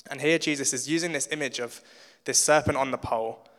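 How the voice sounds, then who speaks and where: A young man giving a relaxed, informal sermon in a church and reading scripture aloud, with many ums. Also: mid-range voice, a little fast. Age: young adult. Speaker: church speaker. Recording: long church reverb.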